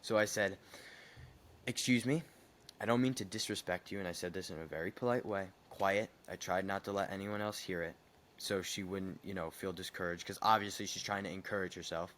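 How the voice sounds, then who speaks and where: A young man chatting on a podcast, telling a story in a heated, animated way with some swearing. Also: low voice, fairly quick, a little hiss or hum. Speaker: podcast co-host. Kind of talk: casual podcast chat.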